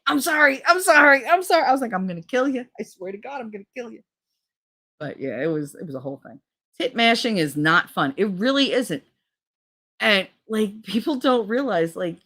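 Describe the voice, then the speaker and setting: A middle-aged woman with a somewhat low voice, chatting casually on her stream. She rambles through crude stories and swears freely. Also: fairly bright tone. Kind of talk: casual chat.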